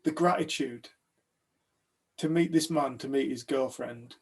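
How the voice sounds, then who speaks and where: A man's voice: medium pitch, measured pace. A man from the United Kingdom telling a personal story to a group, animatedly acting out other people's lines.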